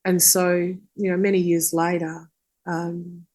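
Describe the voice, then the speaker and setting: A woman's voice: on the low side, slow. An Australian woman in her fifties, a singer-songwriter guest telling stories in conversation and acting out the people she quotes. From southwest Western Australia. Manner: animated storyteller who acts out the people she quotes. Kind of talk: conversational storytelling.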